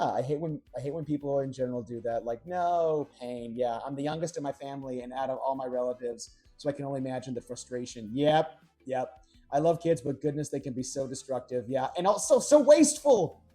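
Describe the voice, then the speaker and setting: A man's voice: medium pitch, mellow. A young man chatting casually on a live stream while he cooks, rambling through stories and answering chat. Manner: rambling storyteller, talks to chat. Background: faint background music.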